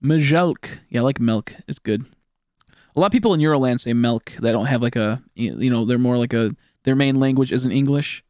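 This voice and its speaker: A young Texan man with a Texan accent chats with viewers while playing on a game stream, rambling, joking and swearing. His mid-range voice is brisk, clear and resonant with a darkish tone, captured in studio quality with no room sound.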